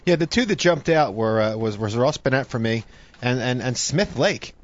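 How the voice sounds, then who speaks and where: A man's voice: medium pitch, expressive, moderate pace, muffled recording. A man hosting a casual podcast chat, joking and teasing his guest. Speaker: podcast host.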